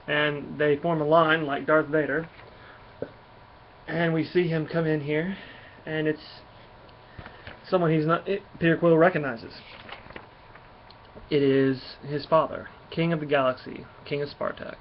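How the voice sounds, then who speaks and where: A man's voice: on the high side, flat delivery, unhurried, long pauses. A man giving a casual comic book review, rambling as he retells the plot and reads out the dialogue. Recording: dull lo-fi sound with faint hiss.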